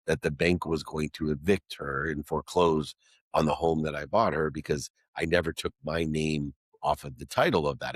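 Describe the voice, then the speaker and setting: Deep-voiced earnest man telling his story. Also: no room sound, clean studio sound. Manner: earnest, emphatic, alliterative phrasing. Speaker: guest. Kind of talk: personal storytelling in an interview.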